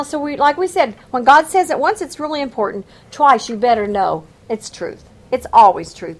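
A woman teaching a Bible study, reading scripture aloud and adding emphatic, folksy commentary. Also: a little high.

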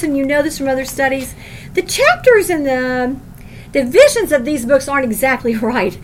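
A woman's voice: sits high, slight background noise. A woman teaching a Bible study class, reading verses aloud and stressing her points with questions to the group. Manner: emphatic, asks the class questions.

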